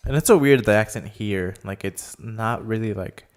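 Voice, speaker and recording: A man's voice: on the low side, moderate pace, darkish tone. A man co-hosting a casual podcast, giving opinions hesitantly with lots of fillers. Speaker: podcast co-host. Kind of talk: casual chat.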